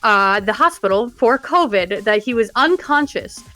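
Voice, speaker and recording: A woman co-hosting a podcast, telling a story in an animated, casual way with fillers. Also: on the high side, normal speed, faint music behind. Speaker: podcast co-host.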